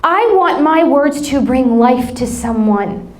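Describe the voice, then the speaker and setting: A woman's voice: high-pitched, expressive, slow pace. A woman in her thirties with an American accent, a pastor preaching a sermon and telling a family story with laughing asides.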